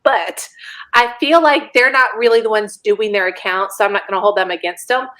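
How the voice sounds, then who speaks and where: A woman in her forties, a podcast guest, telling a story in an animated, laughing way and acting out the quotes. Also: mid-range voice, normal speed, low-quality recording. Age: 40s. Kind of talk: casual storytelling chat.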